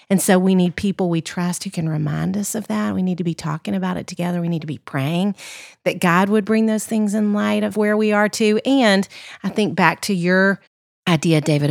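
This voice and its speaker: A woman's voice: on the low side, creaky, no room sound, clean studio sound. A woman co-hosting a faith-based podcast, speaking in a reflective, encouraging way and often using an inclusive "we". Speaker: podcast co-host. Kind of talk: casual reflective podcast talk.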